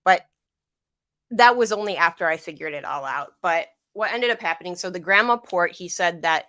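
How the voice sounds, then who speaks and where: A young adult woman speaks in a fairly low voice, picked up dry and close. She tells a painful personal story in a rambling way, circling back and repeating phrases, and her voice catches with emotion. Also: moderate pace, sharp tone, no room sound. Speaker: guest. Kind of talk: emotional personal account on a livestream.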